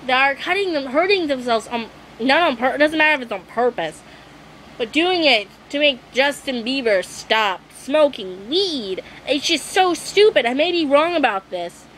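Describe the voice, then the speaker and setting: A woman's voice: high-pitched, lively intonation, moderate pace, a bit bright, slight background noise, low-quality recording. A young woman vlogging a rant, exasperated and swearing, apologizing often and losing her voice. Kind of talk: ranting vlog monologue.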